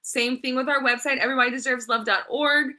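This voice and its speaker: Upbeat woman podcast guest, bright and high voice, eager and chatty. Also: steady tone. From Southern California. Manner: upbeat, eager, talks quickly when giving contact details. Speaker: podcast guest, nonprofit founder. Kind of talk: casual interview chat.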